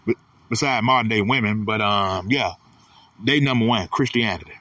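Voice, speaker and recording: A man's voice: lowish voice, normal speed, sharp tone, no room sound, far from the mic. A man delivering a blunt, profane, repetitive casual ranting monologue as host of his own channel.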